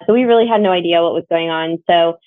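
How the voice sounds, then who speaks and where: Speaking fast in a voice on the low side, with no echo, a young Northern Virginia woman recounts her story as a bereaved mother. The dry recording has a tinny, phone-like quality. She's earnest and reflective in a conversational style, quoting what others said.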